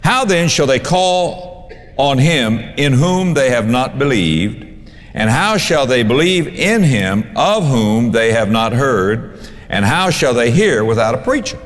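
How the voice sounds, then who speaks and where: A man's voice: mid-range voice, very animated, slow pace, in a large hall. A male pastor preaching a sermon, emphatic, repeating key phrases to drive them home.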